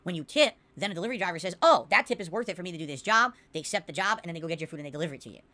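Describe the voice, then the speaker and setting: A woman's voice: on the low side, expressive, racing, bright, forceful tone. A woman hosting a podcast from her room at home, ranting in a casual, exasperated way and answering viewers in the chat. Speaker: podcast host. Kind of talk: casual livestream rant.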